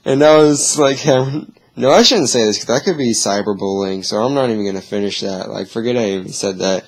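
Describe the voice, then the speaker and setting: A man's voice: on the low side, a little fast. A man vlogging, telling a long story in a rambling, easily sidetracked way with chuckles. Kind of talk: casual storytelling.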